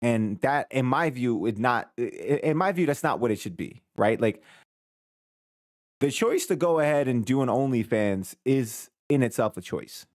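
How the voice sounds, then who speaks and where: A man's voice: medium pitch, expressive, moderate pace, a little mellow, no room sound, studio quality. A man in his thirties hosting a live reaction stream, thinking aloud in a casual, conversational way. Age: 30s.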